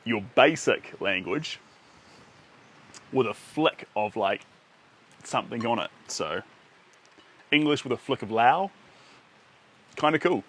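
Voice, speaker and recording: A man, his voice sitting a little low, chats loosely with his viewers as he works, wandering from thought to thought. He sounds playful and easygoing, often breaking into a chuckle. He is talking from outdoors under a shelter by a lake. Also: a bit bright. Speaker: artist streaming live. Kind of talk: casual chat with viewers.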